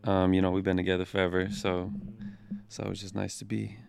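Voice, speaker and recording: A man chatting on a podcast, unhurried and dry, with many fillers. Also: low-pitched, completely flat delivery, creaky, darkish tone, clean tone. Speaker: podcast co-host. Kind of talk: casual chat.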